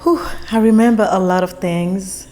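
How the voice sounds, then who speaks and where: A woman's voice: medium pitch, moderate pace. A woman in her thirties from Ivory Coast, a native French speaker, telling stories as a guest in a casual interview. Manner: animated storyteller, laughs while acting out exchanges.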